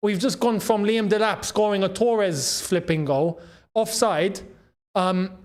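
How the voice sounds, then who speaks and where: A young man hosting a live football watchalong, reacting to the match, shouting at big chances, groaning at misses and thanking viewers in the chat. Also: sits high, measured pace. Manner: chatty, reads out and thanks chat members.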